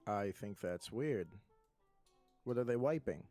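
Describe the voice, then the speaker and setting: A man playing a tabletop game, making wry, drawn-out remarks. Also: fairly low pitch, animated, warm tone, faint music behind. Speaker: player.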